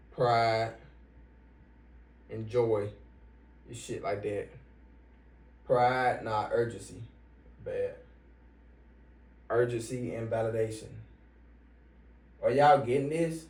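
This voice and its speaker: A man giving a motivational money-mindset talk as an online business coach, swearing freely and punching key points louder. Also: mid-range voice. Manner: profane, emphatic, bursts louder on key points. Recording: roomy, from some distance.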